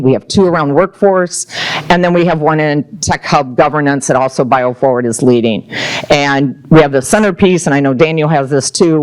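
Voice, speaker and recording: A woman giving a presentation talk to a club audience, energetic and excitable when she tells a story. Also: low voice, clean tone. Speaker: speaker at a club luncheon.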